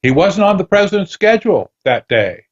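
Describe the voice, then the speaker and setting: Guy on a radio show telling stories with lots of energy, voice a bit high, muffled lo-fi audio. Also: moderate pace. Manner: animated storytelling, acts out dialogue. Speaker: guest author. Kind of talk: radio interview.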